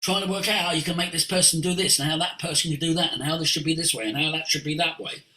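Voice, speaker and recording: An older man, a voice coach, tells stories in an expressive way, moving between hushed asides and sudden exclamations. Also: on the high side, fast. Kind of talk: animated storytelling. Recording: roomy echo.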